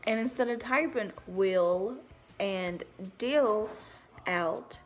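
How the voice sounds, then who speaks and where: A woman's voice: medium pitch, extremely slow, faint music behind. A young woman with a thick Southern country accent chatting casually at home about her day. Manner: chatty, drawling, self-deprecating. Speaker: vlogger. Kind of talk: casual chat.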